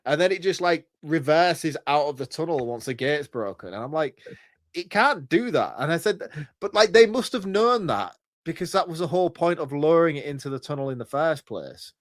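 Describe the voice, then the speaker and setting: A man's voice: a little high, animated, normal speed, no room sound, clean studio sound. A man co-hosting a podcast, chatting casually about a film in a rambling, questioning way. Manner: rambling, questioning, laughs along. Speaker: podcast co-host. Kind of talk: casual film review chat.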